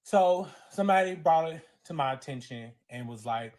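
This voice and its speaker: Man, Southern accent, fairly high voice, confessional storytelling, tearful and raw. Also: expressive, moderate pace, darkish tone. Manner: dramatic retelling with quoted voices, grows tearful. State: crying. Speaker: storyteller recounting a personal story. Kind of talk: emotional personal storytelling.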